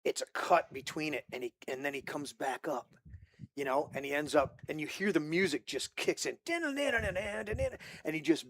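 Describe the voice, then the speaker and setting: Man, podcast host, fairly high voice, excitable, swears a lot, rambling restarts, casual movie talk. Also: unhurried.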